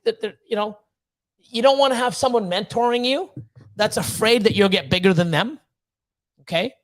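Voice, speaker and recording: A man with a notably high voice rants on a livestream, blunt and profane. He pushes hard with fired-up motivational talk and swears constantly. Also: moderate pace. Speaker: snake breeder hosting a livestream. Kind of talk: livestream rant.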